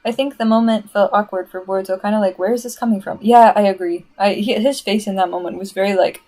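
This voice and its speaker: A woman talks her way through a livestream, chatty and rambling as she jumps between her own points and viewer comments. Her voice sits at an ordinary middle pitch for a woman. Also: fairly even intonation, quick pace, warm tone, poor audio. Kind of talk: casual livestream chat.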